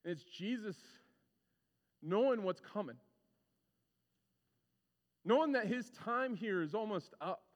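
A man preaching a conversational sermon, animated and casual, acting out the people he talks about. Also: sits high, slow, pauses often. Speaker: pastor. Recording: long reverb of a large hall.

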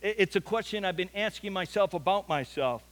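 Speaking to his congregation, this pastor delivers an earnest sermon story, repeating words as he drives points home. He is expressive and brisk, with a somewhat bright, rather high voice for a man, echoing with the long reverb of a big church hall.

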